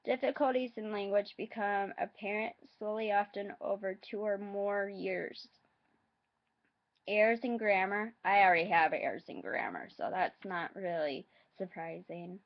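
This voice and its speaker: Slow, halting woman reading aloud. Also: medium pitch, lo-fi sound. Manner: halting, hesitant reading with asides. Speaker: vlogger.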